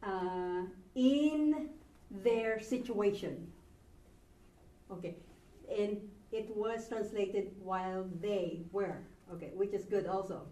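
A woman's voice: medium pitch, warm tone. A woman teaching a language class, patient and encouraging, sounding out words syllable by syllable. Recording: echoey room from a distance, faint background noise.

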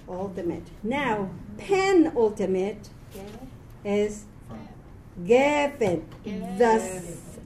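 Woman teacher, slightly high voice, slow and patient delivery, tired, laughs often, fixes her own slips. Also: mellow, a little hiss or hum. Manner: chatty, laughs often, self-correcting. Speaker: Hebrew reading teacher. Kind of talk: live class teaching.

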